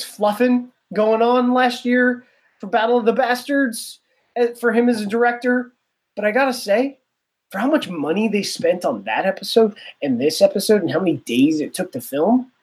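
A man co-hosting a casual podcast, rambling and opinionated with a joking edge. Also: high voice. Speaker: podcast co-host.

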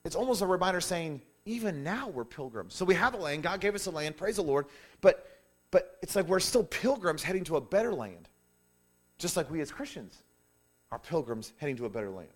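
Animated male preacher with a high voice. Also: a little fast. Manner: animated preaching with frequent restarts and "hey" asides. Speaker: pastor. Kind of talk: sermon.

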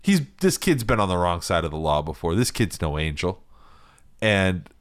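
A man's voice: sits low, big pitch swings, moderate pace, clean tone. A man co-hosting a podcast, telling a story in a rambling way, laughing often and swearing freely. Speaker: podcast co-host. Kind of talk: casual chat.

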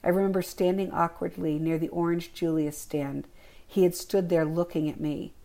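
A woman reading her own memoir aloud in a calm, reflective first-person narration. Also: on the low side, normal speed, gravelly.

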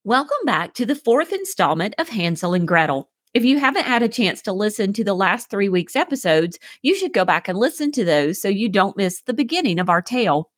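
A woman hosting a children's podcast, reading a fairy tale aloud in a gentle, clear scripted narration. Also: medium pitch, sing-song, fairly quick, hardly any pauses. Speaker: podcast host and storyteller.

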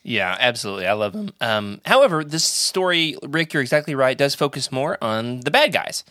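An enthusiastic man hosts a casual podcast chat, his pitch leaping up and down as he talks. The sound is dry and close, with no room in it. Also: dry recording. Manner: enthusiastic, animated, quick jokes. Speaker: podcast host.

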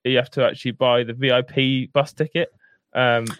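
Deadpan man with a mid voice. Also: medium pitch, a little fast, dry recording, dull audio. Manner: deadpan, hesitant with frequent "um". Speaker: podcast host and editor. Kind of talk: improvised comedy sketch and casual chat.

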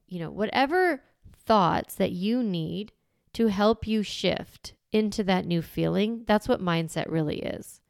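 A woman's voice: lowish voice, gravelly, clean tone, no echo, studio quality. A woman in her thirties hosting a solo parenting podcast, talking in an encouraging, conversational way and acting out the thoughts she describes.

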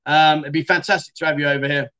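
Middle-aged man, livestream host, slightly high-pitched, casual and chatty with viewers. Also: fairly even intonation, fast talker, pushed and bright. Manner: chatty, self-deprecating, calls viewers mate. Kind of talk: casual livestream chat reading comments.

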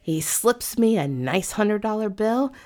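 A woman, a massage therapist, telling a story from work in a casual, animated way and acting out both sides of the exchange. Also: medium pitch, measured pace.

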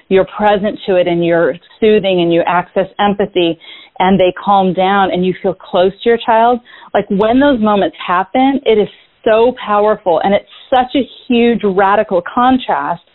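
Woman guest on a tinny phone line. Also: mid-range voice. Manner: reflective, thinks aloud with many "you know" restarts. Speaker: guest author on parenting. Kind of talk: conversational interview.

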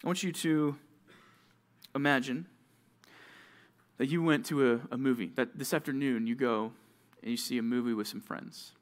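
A young man preaching to junior high students, telling stories and acting out short scenes, with sudden swings from loud to hushed. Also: steady tone, moderate pace, long pauses. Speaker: youth pastor. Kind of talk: youth sermon.

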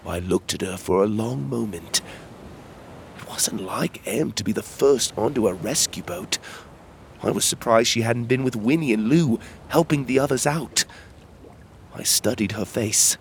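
A man tells a storybook fantasy adventure in the first person. His voice sits at a middle pitch with a gravelly texture, and his reading is measured and steady. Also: slight background noise.

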